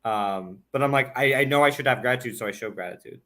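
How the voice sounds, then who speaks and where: A man hosting a casual conversation, speaking softly and reflectively about his family. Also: medium pitch, fast talker. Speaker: podcast host.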